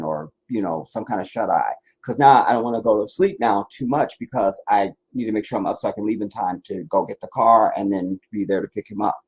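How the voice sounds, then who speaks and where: Tired, husky-voiced man rambling casually. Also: medium pitch. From Washington DC area, US. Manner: meandering, many restarts and asides. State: tired, worn out. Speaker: livestream host.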